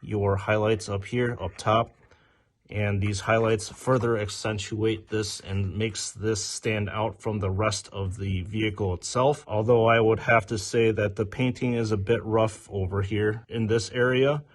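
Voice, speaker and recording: A man's voice: on the low side, level tone, unhurried. A man hosting a casual product review, with upbeat, detail-focused commentary. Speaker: toy reviewer host.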